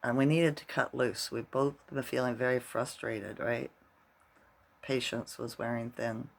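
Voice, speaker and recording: A man's voice: mid-range voice, steady tone, a little slow, gravelly. A middle-aged man vlogging casually, rambling through a story and tagging his sentences with "right?".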